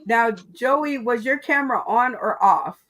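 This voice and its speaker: A woman's voice: on the high side, a little slow, a bit bright. A woman hosting an online comedy game show over a video call, laid-back and chatty.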